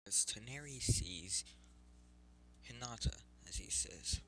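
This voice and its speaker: A man telling a fan story in a slow, unhurried way, his voice low yet bright. He rambles, stops to correct himself, and carries on. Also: slight background noise, low-quality recording. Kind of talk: improvised fan story narration.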